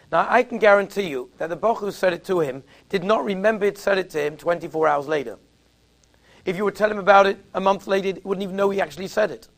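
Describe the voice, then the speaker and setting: Gravelly high-voiced man telling stories. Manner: conversational, anecdotal, uses Yiddish and Hebrew terms. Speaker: rabbi giving a talk. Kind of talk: storytelling sermon.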